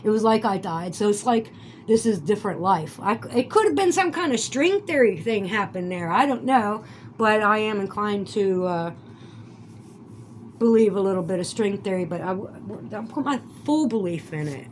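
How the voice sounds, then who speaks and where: A woman's voice: mid-range voice, lively intonation, moderate pace, a little hiss or hum. A woman rambling through a casual vlog monologue, swearing and breaking into indignant outbursts. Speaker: vlogger.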